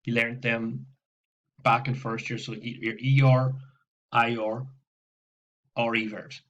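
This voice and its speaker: Speaking slowly in a steady, medium-pitched voice, a man walks students through a recorded French lesson. He is patient, repeats points, keeps saying "okay" and checks in with the class, all captured on a laptop microphone with a slightly muffled, lo-fi quality.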